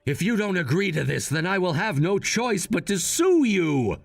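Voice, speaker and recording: A man voicing a scheming adult son, high-pitched. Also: very animated, moderate pace, vocal fry, no echo, soft background music, heavily acted. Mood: firm. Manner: matter-of-fact, firm. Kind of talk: text-message story drama.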